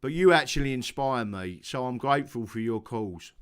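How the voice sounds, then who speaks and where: Animated talk show host. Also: male voice, mid-range voice, normal speed, clean tone. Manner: animated, stammering restarts.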